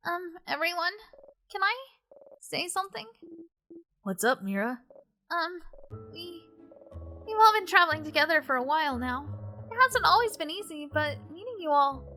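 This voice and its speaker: A woman's voice: sits high, bright, forceful tone, voice pushed up. A woman voicing a nervous young housemaiden in a game playthrough, stammering and hesitant.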